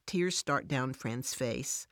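Low-voiced woman narrating a story. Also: slow, no room sound, studio quality. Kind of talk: scripted devotional story narration.

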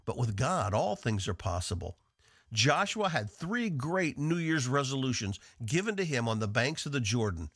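A man from the northeastern United States teaching a devotional on the radio in an earnest, measured way. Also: mid-range voice, big pitch swings, a bit bright, dry recording, clean studio sound. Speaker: radio Bible teacher and host.

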